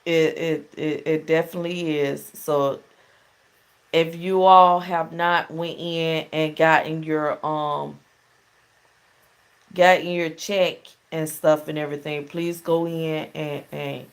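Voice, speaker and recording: A woman's voice: low-pitched, flat delivery, slow pace. A middle-aged woman hosting a casual call-in show, telling stories in a chatty way and laughing often. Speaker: talk show host.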